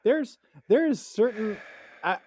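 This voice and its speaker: Male co-host, emphatic and jokey, lively high voice. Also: slow, husky, no room sound, studio quality. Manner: emphatic, joking, profane. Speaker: podcast co-host. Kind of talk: casual podcast chat.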